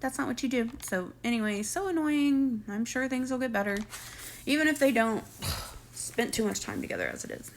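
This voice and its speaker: A woman recaps a reality show in a loose, chatty monologue. Her voice sits a little high with a gravelly fry. She is sarcastic and slips into quick imitations of the people she describes. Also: big pitch swings, a little hiss or hum. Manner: chatty, sarcastic, acts out quotes.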